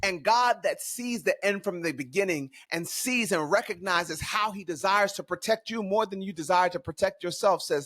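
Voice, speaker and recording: A man's voice: sits high, normal speed, few pauses, fairly bright tone. A man co-hosting a faith podcast, talking in a fervent, preachy way and repeating phrases for emphasis. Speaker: podcast co-host. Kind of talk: casual faith podcast talk.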